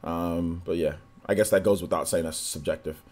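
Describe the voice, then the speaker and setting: A man streaming a game, chatting casually and giving shout-outs to viewers, his voice a little worn and still recovering. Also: deep voice, fairly even intonation, normal speed. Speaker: gaming streamer. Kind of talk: live stream chat, greeting viewers.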